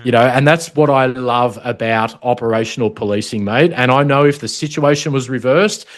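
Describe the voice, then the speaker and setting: A man's voice: mid-range voice, moderate pace. A middle-aged Australian man, a former protection officer, telling stories in an interview in a blunt, matey way with swearing, choked up at times. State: choked up, holding back tears at times. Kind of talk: emotional storytelling interview.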